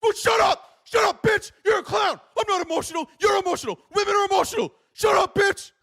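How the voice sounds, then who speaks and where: Man putting on a screeching, high-pitched angry male troll, shouting and mocking. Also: brisk, gravelly, full character voice. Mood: shrieking mockery. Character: shrieking furious male online commenter.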